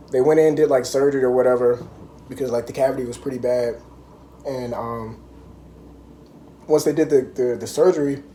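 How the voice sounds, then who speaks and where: Young man rambling casually, mellow voice. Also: medium pitch, a little hiss or hum. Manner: rambling, many "like" and "um" fillers. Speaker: vlogger. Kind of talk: casual chat.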